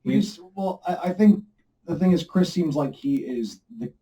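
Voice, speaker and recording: A man co-hosting a podcast, chatting animatedly about a film and building his points with quick impressions. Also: on the high side, expressive, warm tone. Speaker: podcast co-host. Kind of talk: casual film review chat. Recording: voice distant from the mic.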